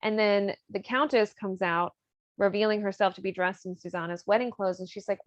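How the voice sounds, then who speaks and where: A woman's voice: medium pitch, steady tone, moderate pace, no room sound, dull audio. Rambling casual woman podcast host. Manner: rambling, filler-heavy, laughs easily. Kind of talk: casual chat retelling an opera plot.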